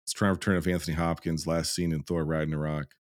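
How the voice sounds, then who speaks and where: A man's voice: rumbling low, level tone, quick pace, dry recording, clean studio sound. A man hosting a film review podcast in casual chat, with a profane, ranting, sardonic way of talking. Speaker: podcast host reviewing films.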